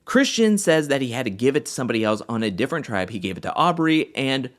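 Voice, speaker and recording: A man hosting an animated episode recap, telling the story in a casual way and acting out the quotes. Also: mid-range voice, fast. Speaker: recap host.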